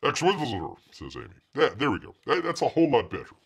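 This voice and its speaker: A man's voice: mid-range voice, huge pitch swings, quick pace, creaky, breathy edge. A middle-aged man hosting a live comics news stream, chatting casually and sarcastically in a rambling way. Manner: sarcastic, rambling, refers to himself as Bear. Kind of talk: casual livestream chat.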